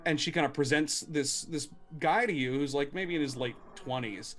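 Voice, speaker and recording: A man's voice: on the high side, normal speed, few pauses, a bit bright, soft background music. Rambling man running a tabletop game. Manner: rambling, full of fillers and restarts, swears casually. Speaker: game master.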